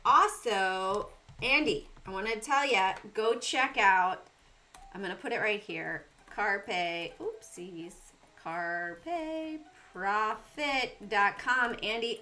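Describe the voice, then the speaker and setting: A woman's voice: medium pitch, bright, forceful tone. A middle-aged woman with a Southern US accent hosting a casual trading livestream, talking through charts and greeting chat viewers by name.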